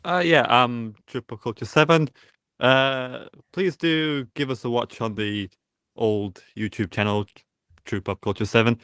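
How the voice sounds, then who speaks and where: A man from the United Kingdom co-hosting a podcast, soft-spoken and low-key in casual chat. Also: unhurried, clean tone, no room sound, studio quality.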